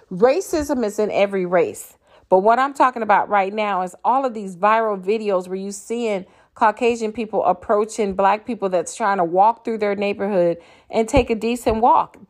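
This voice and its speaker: A woman with grown children and grandchildren, delivering an impassioned, blunt and profane solo monologue as a podcaster. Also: mid-range voice. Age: older. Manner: angry, blunt, profane ranting.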